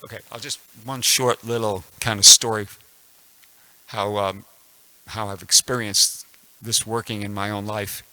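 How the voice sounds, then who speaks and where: A man in his sixties speaks at a temple class, his voice bright and forceful, sitting a little low. He talks loosely, doubling back over his words and filling pauses as he tells a story. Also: flat delivery, no echo, rough recording. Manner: rambling, frequent restarts and fillers. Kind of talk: casual spoken scripture class with personal story.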